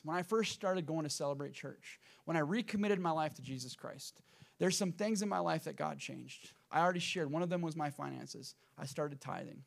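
A middle-aged man preaches a sermon in a church sanctuary. His voice sits a little higher than most men's. He tells a story earnestly and drives points home by repeating them. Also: vocal fry. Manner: earnest storytelling with emphatic repetition. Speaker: pastor.

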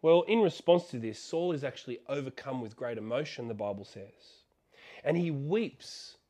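Animated man retelling a Bible story. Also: on the high side. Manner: animated storyteller, rhetorical questions. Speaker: preacher.

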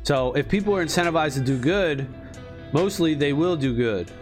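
A man's voice: on the high side, animated, moderate pace, faint music behind. A man ranting casually in a profane, rambling, emphatic way. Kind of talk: casual rant.

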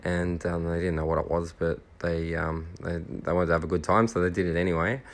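Deep-voiced man spinning a yarn. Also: little pitch movement. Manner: rambling, halting with many fillers. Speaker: podcast host. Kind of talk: casual anecdote storytelling.

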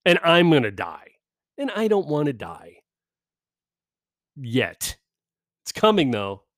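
A middle-aged man on a podcast, ranting sarcastically and swearing constantly, mocking people in high put-on voices. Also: wildly swooping pitch, slow, dry recording, clean studio sound. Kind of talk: profane comedic rant. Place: California.

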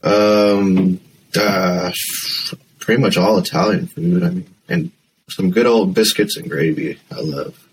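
A man's voice: low voice, animated, takes it slowly, creaky, rough recording. A man guesting on a podcast in casual chat, easygoing and jokey, laughing a lot. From Philippines heritage. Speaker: guest, band member. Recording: noticeable background noise.

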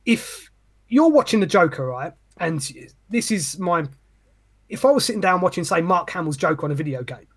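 Guy on a podcast, kinda husky, bit high, swears a ton, goes off on a rant. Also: normal speed. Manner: animated, sweary, ranting. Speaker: podcast co-host. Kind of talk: casual chat.

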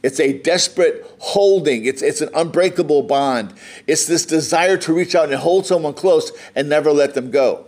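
A man's voice: fairly high pitch, moderate pace, a little mellow. An American man preaching a sermon, reading scripture aloud and explaining it in a conversational way. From United States. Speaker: pastor.

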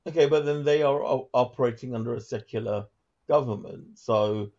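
A British man with a gravelly, creaky voice argues his side of a debate in halting, hesitant bursts. His voice comes through as dull, lo-fi call audio. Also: medium pitch, a little mellow. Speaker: caller debating the host. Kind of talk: heated live debate.

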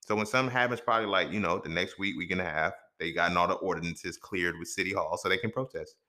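A man's voice: low-pitched, fast, pushed and bright. A young man hosting a podcast alone, talking bluntly and profanely in a casual, conversational storytelling way. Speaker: podcast host. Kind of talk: casual solo commentary.

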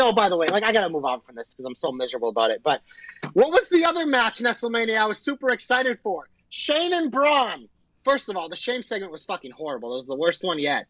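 A man's voice: high voice, fairly bright tone, no echo, rough recording. A man co-hosting a casual wrestling podcast, ranting in an angry, profane, fired-up way. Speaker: podcast co-host.

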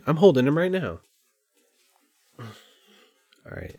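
A man with a mid-range voice speaks at a moderate pace, with no room sound audible. As a podcast host, he gives a candid personal monologue at home by his computer, rambling, open and emotional.

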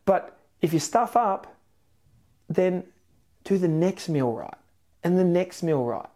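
An Australian man in his thirties hosts a motivational podcast, his voice sitting a touch higher than most men's. He talks with a storyteller's energy and jumps up in excitement to press his points. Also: slow. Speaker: podcast host, weight loss coach.

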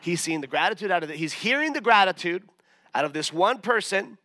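A man's voice: sits high, animated, fairly quick, pushed and bright, no room sound. A man, a pastor, preaching a sermon in a conversational, self-mocking way. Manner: conversational, self-mocking, many fillers and restarts.

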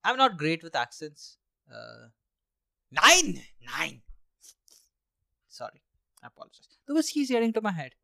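Young guy from india doing a solo podcast at home, rambly, sweary, kinda sarcastic, high and animated, dry sound. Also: fairly quick, gravelly, dry recording. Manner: rambling, sarcastic, swearing, laughing between thoughts. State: drinking while talking. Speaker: podcast host. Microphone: handheld mic.

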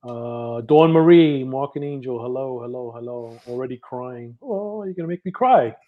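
A man's voice: medium pitch, normal speed, narrow, tinny audio. Male co-host, upbeat chat-reading delivery, mid-range voice. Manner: upbeat, reads names with a lift. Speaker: podcast co-host. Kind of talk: reading chat messages aloud on a live stream.

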